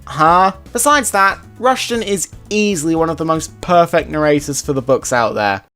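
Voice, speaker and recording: Chatty man, animated delivery. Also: on the high side, moderate pace, clean tone, faint music behind. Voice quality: chatty, enthusiastic. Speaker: video host. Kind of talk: scripted video commentary.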